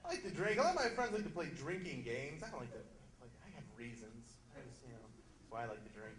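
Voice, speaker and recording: A man doing a loud, punchy stand-up comedy set in a club, slipping into quick character voices. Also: medium pitch, sing-song. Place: comedy club stage before a live audience. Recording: echoey room, loud crowd laughter.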